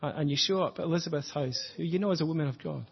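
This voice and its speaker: A man preaching an earnest, reflective sermon, slowing down to stress his points. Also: fairly high pitch, vocal fry, husky, dull audio. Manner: earnest, reflective, slows for emphasis.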